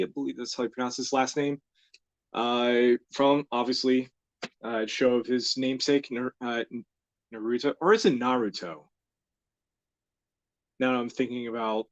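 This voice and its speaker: An easygoing young man from the United States hosts his live art stream, rambling through casual chat with plenty of "uh"s and the odd chuckle. His voice sits at a middling pitch and is recorded close and dry, with no room sound at all. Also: no echo, muffled recording. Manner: rambling and easygoing, with many fillers and soft laughs. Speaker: host of a live drawing stream.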